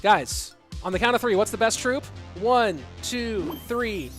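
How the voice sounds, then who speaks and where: High-voiced excitable male esports caster. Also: unhurried, soft background music. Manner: excitable, rambling, chatty asides. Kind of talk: live esports commentary with chat reading.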